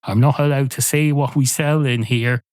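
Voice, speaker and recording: A man's voice: medium pitch, steady tone, normal speed, a little mellow, dry recording, voice pushed up, lightly acted. A man voicing a cautious, rule-bound barman who frets about breaking regulations. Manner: fussy, worried about breaking rules.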